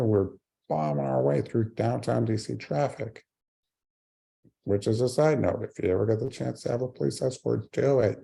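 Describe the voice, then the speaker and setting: A man in his forties delivers a keynote speech as a personal story. His voice is gravelly and very dark, at an ordinary pitch. He mixes dry humor with sincere warmth. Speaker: keynote speaker.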